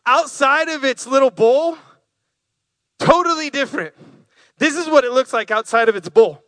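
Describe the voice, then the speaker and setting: A man with a high, bright voice preaches through lively stories. He acts out animals with playful voices for his listeners. The sound is dry and close. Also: no echo. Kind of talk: storytelling sermon.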